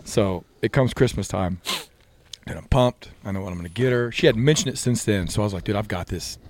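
A young man co-hosting a casual podcast with friends by a fire, telling stories animatedly and breaking into loud excited outbursts. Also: fairly low pitch, brisk. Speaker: podcast co-host. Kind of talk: casual chat among friends.

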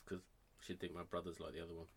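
Brief: fast-talking man, low-ish, dry blunt critic. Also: little pitch movement, slight background noise. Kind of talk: casual chat.

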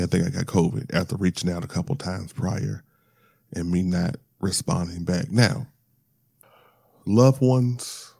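A man telling a painful personal story of loss in a halting monologue, restarting often and fighting back tears. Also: low voice, gravelly, darkish tone, no room sound, clean studio sound.

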